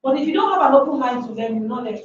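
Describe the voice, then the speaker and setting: A woman's voice: sits high, expressive, very fast, a little hiss or hum. A woman giving a motivational workshop talk to a live audience, emphatic and full of rhetorical questions. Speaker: workshop speaker. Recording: echoey room from far off, dull sound.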